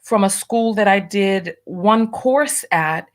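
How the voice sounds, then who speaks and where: A woman's voice: mid-range voice, slow pace. A woman hosting a casual livestream, nervous and stalling, repeating herself as she reads viewer comments aloud. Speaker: livestream host.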